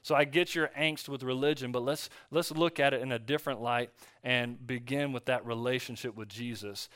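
A male pastor preaching a conversational sermon, telling a story in a relaxed way with fillers and restarts. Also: mid-range voice, moderate pace, dry recording, studio quality. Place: church.

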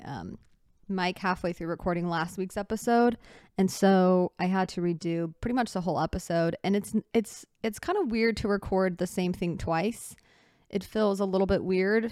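A woman hosts her own podcast in an easy, candid chat, rambling and correcting herself as she goes. Her voice is smooth and clear, recorded close and dry with no room sound. She sits back on a couch, talking in a relaxed way. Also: medium pitch, no echo. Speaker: podcast host. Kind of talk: casual solo podcast chat. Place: indoors on a couch at night.

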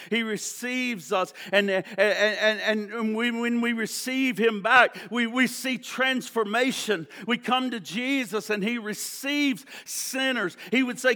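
A man with a very high, bright and forceful voice delivers a sermon as a pastor. He climbs to loud, punchy repeated lists, then sinks into quiet, slow appeals, stumbling over and repeating words as he goes. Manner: builds to emphatic repeated lists, drops to soft slow appeals; repeats and restarts words when stirred.

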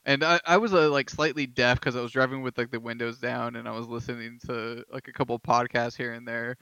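A man's voice: medium pitch, steady tone, fairly quick, bright, forceful tone, clean tone, no echo. A man hosting a podcast in casual chat, telling stories with lots of fillers and laughter. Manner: laughing storyteller, filler-heavy. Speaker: podcast host. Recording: dull lo-fi dry sound.

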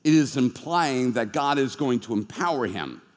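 A male pastor preaching a sermon in an animated, jokey, conversational way, in a church hall being filmed. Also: mid-range voice, normal speed. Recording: long hall reverb.

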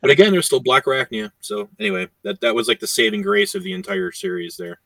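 Gravelly bright-voiced man, far from mic. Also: high voice, lively intonation, quick pace, background noise. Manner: rambling, many "you know" fillers. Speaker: podcast co-host. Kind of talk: casual chat. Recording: voice distant from the mic.

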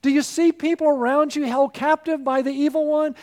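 A man's voice: very high-pitched, steady tone, normal speed, hardly any pauses, darkish tone. A man preaching a sermon as pastor, earnest and building to fervent appeals.

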